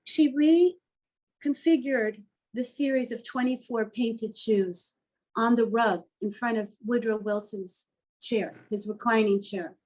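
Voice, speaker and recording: Woman, artist, interview guest, fairly high voice, earnest, heartfelt storytelling. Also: rough recording. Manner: heartfelt and earnest, openly emotional.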